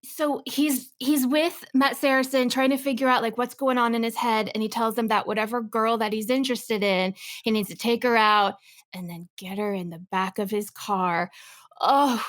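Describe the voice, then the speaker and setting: A woman's voice: a little high, normal speed. A woman from Texas in her thirties, co-hosting a podcast in casual, emphatic chat. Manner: animated, emphatic, jumps between points. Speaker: podcast co-host.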